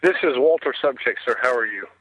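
A man's voice: medium pitch, lively intonation, fast talker, fairly bright tone, low-quality recording. A man calling in to a radio show from his truck, chatty and polite, with a lot of hesitation. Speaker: caller. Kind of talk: phone call-in chat. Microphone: phone.

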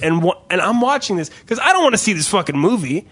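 A man telling a story in casual chat, profane and animated. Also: sits high, fairly quick, few pauses.

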